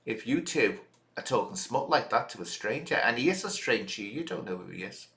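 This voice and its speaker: Male vlogger, forceful bright voice, indignant scolding rant, roomy echo. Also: mid-range voice, animated, fairly quick. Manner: indignant, scolding direct address. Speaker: channel host. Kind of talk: ranting reaction video.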